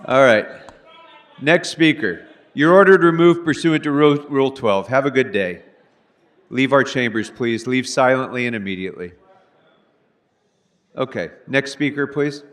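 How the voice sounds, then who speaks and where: A man's voice: medium pitch, moderate pace, long pauses. A man chairing a city council meeting from the dais, curt and firm, handing out dry rebukes. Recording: reverberant council chamber.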